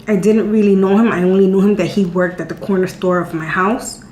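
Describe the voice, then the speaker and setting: A woman's voice: mid-range voice, fairly even intonation, fairly quick, darkish tone. A woman in her thirties chatting candidly to her viewers, telling a personal story. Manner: chatty and candid, repeating words as she talks. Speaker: vlogger answering viewer questions. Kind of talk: casual storytelling chat. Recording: echoey room with faint hum.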